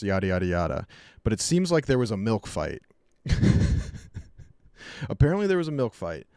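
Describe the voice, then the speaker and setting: Low-voiced man rambling on a live stream. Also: darkish tone, clear, resonant tone, no echo, clean studio sound. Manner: rambling, jokey storytelling with quick put-on voices. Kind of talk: casual live-stream chat.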